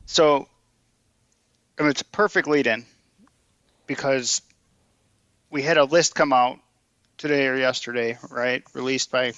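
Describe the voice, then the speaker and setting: Man, podcast co-host, gravelly bright voice, dry dull lo-fi sound. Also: mid-range voice, fairly even intonation, measured pace, pauses often, dry recording. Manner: reads out news details, checks in with "right?". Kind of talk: casual podcast chat.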